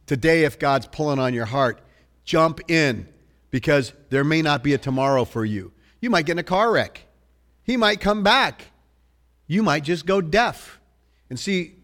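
A man preaching a sermon in a church, telling the story in an animated, joking way and swinging between loud bursts and hushed lines. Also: a little high. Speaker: pastor.

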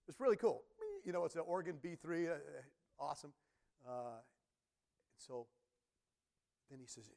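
Lively storytelling male pastor. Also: a little high, normal speed, vocal fry, pauses often. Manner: animated storytelling, sudden shouts and imitated organ sounds. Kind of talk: sermon.

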